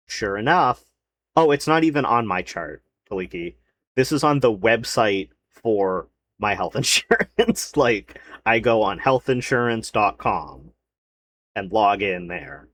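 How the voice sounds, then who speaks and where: A man's voice: lowish voice, lively intonation, measured pace, fairly bright tone, slight background noise. A man streaming, chatting casually and rambling about his day, swearing freely. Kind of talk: casual chat to a live stream chat.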